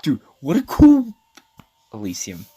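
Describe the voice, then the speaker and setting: A man giving casual, excitable gameplay commentary, chatty and loose. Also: mid-range voice, measured pace, slightly rough. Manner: chatty, excitable, lots of "dude" and "like". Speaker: gaming video host. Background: game music.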